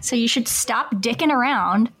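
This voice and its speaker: A woman's voice: a little high, moderate pace, fairly bright tone, husky. A woman co-hosting a casual book podcast, playful and blunt with jokey asides. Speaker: podcast co-host.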